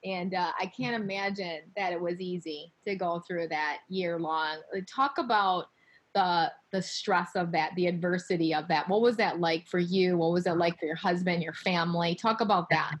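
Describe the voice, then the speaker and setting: A woman hosting an interview, gently prompting her guest with questions and short encouraging replies. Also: lowish voice, normal speed, rough recording. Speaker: interview host.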